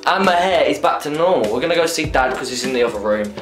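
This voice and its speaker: A man's voice: a little high, lively intonation, fast talker. A teenage man with a Birmingham accent, chatting casually and jokily in a home vlog. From Birmingham, England. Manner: chatty, jokey, bickering. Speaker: vlogger. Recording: roomy with music behind.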